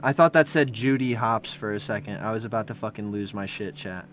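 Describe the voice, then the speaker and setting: A young man streaming as he reviews fan art, chatting casually and breaking into loud, profane rants. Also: fairly low pitch, a little fast, slight background noise. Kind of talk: live-stream commentary.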